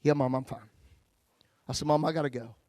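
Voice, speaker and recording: A man's voice: a little high, steady tone, brisk, dry recording. Male pastor preaching, dry sound. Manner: folksy testimony, swings from loud to hushed. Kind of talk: sermon.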